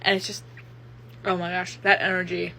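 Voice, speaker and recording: A woman's voice: lowish voice, monotone, moderate pace, vocal fry, bright, forceful tone, a little hiss or hum. Chatty woman rambling about stories. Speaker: fanfiction reviewer. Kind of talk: casual recommendation vlog.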